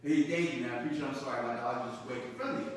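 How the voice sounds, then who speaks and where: A man on a podcast telling a lively story in a casual, animated way. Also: very fast. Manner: animated, acts out quotes in a loud high voice. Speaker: podcast co-host. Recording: echoey room, distant mic, faint noise.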